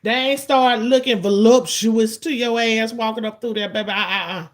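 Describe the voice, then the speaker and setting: A woman in her forties hosting a livestream, venting to her chat in a blunt, profane, rapid-fire way and stretching out the lines she wants to stress. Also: fairly high pitch, fairly even intonation. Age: 40s. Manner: drawn-out emphatic lines. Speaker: livestream host. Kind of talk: casual ranting to chat.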